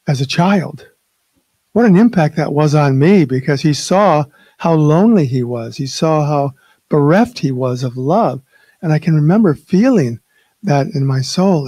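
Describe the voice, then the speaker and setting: Older man, open mic spiritual talk, reflective, a bit hesitant, somewhat high voice, dry sound. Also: darkish tone, no room sound.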